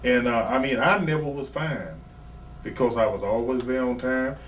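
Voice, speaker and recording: As a guest in a laid-back interview, a man who used to wrestle professionally bluntly tells rambling, profane stories from those days. His voice is medium-pitched at an ordinary speed, and a distant mic catches faint background noise.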